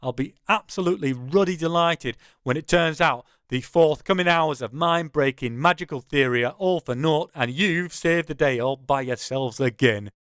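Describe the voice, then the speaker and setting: A man voicing an emotional, gruff older man who swears fondly. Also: fairly high pitch, normal speed, hardly any pauses, a bit bright, dry recording, clean studio sound, natural voice. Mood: gruff, wry.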